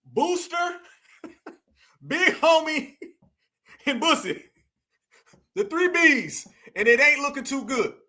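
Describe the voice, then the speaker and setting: A man's voice: high voice, pushed and bright. A man hosting a commentary show, ranting in a mocking, emphatic way and addressing his viewers directly. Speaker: commentary host. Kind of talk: heated commentary monologue.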